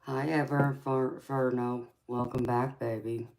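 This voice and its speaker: A woman's voice: rumbling low, level tone, unhurried, gravelly, darkish tone, rough recording. Sweet-talking woman tarot reader. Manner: affectionate, calls viewers sweetheart and honey. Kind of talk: live-stream tarot reading and chat.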